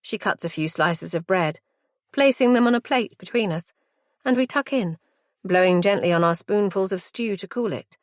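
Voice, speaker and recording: A woman reading a first-person story in a reflective, measured way. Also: medium pitch, no room sound, clean studio sound. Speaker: audiobook narrator. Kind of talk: first-person audiobook narration.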